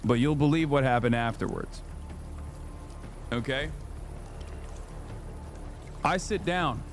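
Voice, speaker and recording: A man in his thirties telling a story on his livestream, casual, profane and animated, jumping into high-pitched quoted voices. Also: slow pace, faint music behind. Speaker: streamer.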